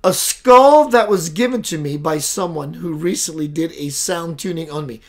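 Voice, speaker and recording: A man's voice: fairly high pitch, normal speed. A man hosting a spiritual show, earnestly telling of a spiritual experience in a reflective monologue. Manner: earnest, reflective, re-enacting dialogue. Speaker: host.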